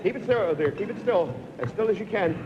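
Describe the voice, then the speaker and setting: A man hosting a live TV game show, briskly explaining stunts and coaxing contestants on, heard through a 1950s broadcast recording. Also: high voice, lively intonation, background noise. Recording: dull 1950s TV broadcast with long reverb.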